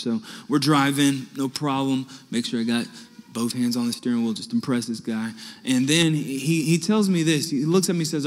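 A young adult man preaching a sermon, telling personal stories and acting out the dialogue with lively energy. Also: medium pitch, moderate pace. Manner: animated anecdotes with acted-out dialogue. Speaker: pastor. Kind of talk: storytelling sermon. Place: church sanctuary. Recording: long hall reverb.

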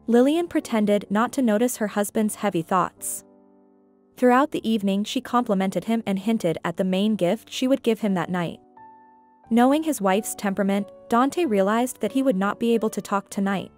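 A woman reading a drama story aloud as its narrator, keeping an even, steady delivery. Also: medium pitch.

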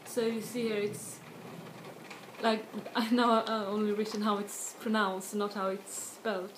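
A woman's voice: medium pitch, flat delivery. Woman teaching in an echoey room. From Sweden. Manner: explains slowly with many restarts and spoken example words. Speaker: language tutor. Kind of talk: casual video lesson. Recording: echoey room with faint noise.

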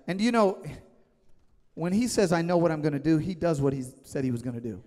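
A fairly high-voiced male pastor delivers an emphatic, conversational sermon. He regularly checks in with his listeners, and his voice rings with the long reverb of a church hall. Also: a little fast, mellow. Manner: emphatic, conversational, asks the congregation questions. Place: church sanctuary.

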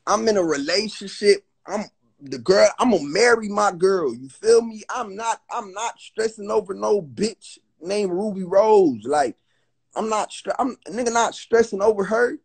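A young man on a livestream phone call, telling a heated story. He is agitated and profane and keeps stumbling into restarts. His voice sits high and sounds husky. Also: expressive, a little slow. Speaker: guest on a livestream. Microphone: phone on a live video call.

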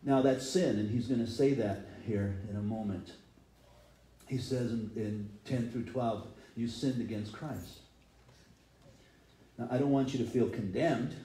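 Male pastor preaching, conversational, mellow tone, echoey church sound. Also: on the low side, normal speed. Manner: conversational, acts out quotes in voices. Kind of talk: sermon.

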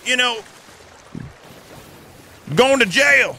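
A man's voice: very high voice, lively intonation, extremely slow, creaky, heavily acted, rough recording. A man putting on a blustering sea sheriff. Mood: bossy. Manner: officious, blustering, shouting orders. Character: bossy blustering male pirate-sea sheriff.

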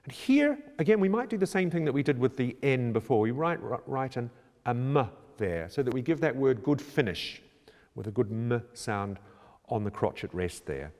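A man working as a choir director, calmly explaining how to prepare a choral score in a measured, instructional way. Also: mid-range voice. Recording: reverberant room with long echo.

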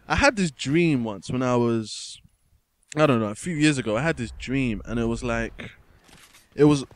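A young man commentating over gameplay, telling a story in a casual, rambling way with many restarts, often calling his viewers guys and man. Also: mid-range voice. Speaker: gaming commentator.

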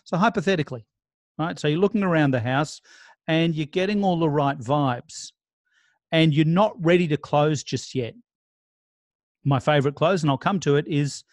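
A man gives a casual training talk on real estate sales, role-playing client scripts conversationally with many restarts. His voice is fairly high, his pace moderate, and there's no echo.

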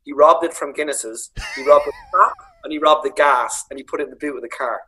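A Dublin man on a video call, telling lively anecdotes about his late father, acting out voices and swearing freely. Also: a little high, brisk, breathy edge, low-quality recording. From Ireland. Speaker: comedian guest. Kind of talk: casual storytelling on a video call.

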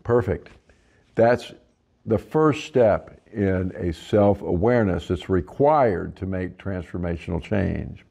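A trainer gives an instructional talk to facilitators in a low, slow, mellow voice with vocal fry. Now and then he acts out what clients say in a livelier voice.

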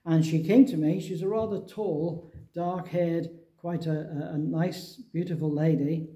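Animated high-voiced preacher with a mellow tone. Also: male voice, a little slow. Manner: animated storytelling, acting out Bible dialogue. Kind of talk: sermon.

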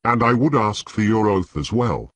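A resolute young queen, read by a man speaks in solemn, measured declarations. The voice sits low and husky, with a lively rise and fall, and the sound is close and dry. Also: dry recording.

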